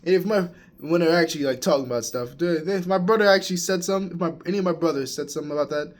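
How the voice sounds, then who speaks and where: A man's voice: fairly high pitch, very fast. A young man in college talking casually to camera, rambling with restarts and calling the listener "bro.". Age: young adult. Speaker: college student. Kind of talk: casual vlog rant.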